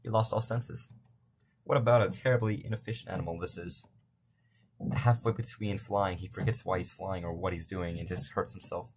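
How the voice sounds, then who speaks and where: A man's voice: sits low, fairly even intonation, moderate pace, a little mellow, slight background noise. A young man casually commenting on a game from his bedroom, rambling and making self-deprecating jokes. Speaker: let's play gamer.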